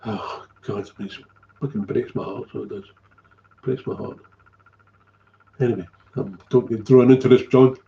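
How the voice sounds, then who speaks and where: A man's voice: fairly low pitch, fairly even intonation, normal speed, vocal fry, pauses often, muffled recording. A middle-aged man, telling a candid story as a recovery sponsor, blunt and swearing freely, often trailing off and repeating himself.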